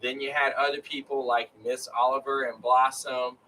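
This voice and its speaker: A man's voice: mid-range voice, level tone, normal speed, bright, forceful tone, far from the mic, a little hiss or hum, poor audio. A man chatting casually on a live stream, rambling with lots of fillers. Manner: rambling, filler-heavy storytelling. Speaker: co-host of a live chat. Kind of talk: casual chat.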